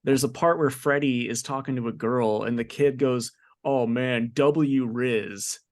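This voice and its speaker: A man's voice: mid-range voice, measured pace. A young man co-hosting a podcast, telling a story in casual, profane, exasperated chat. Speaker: podcast co-host.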